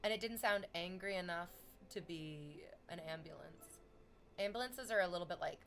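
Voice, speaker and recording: A woman streaming, reading chat aloud and chatting casually in an animated, exclamatory way that drifts into tangents. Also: medium pitch, normal speed.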